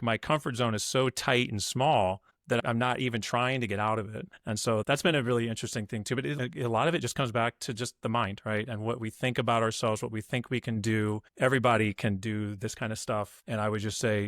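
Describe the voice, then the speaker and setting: A man's voice: mid-range voice, a bit bright, dry recording, studio quality. A man speaking as a podcast guest in an upbeat, motivational way, acting out what people say. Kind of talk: conversational interview.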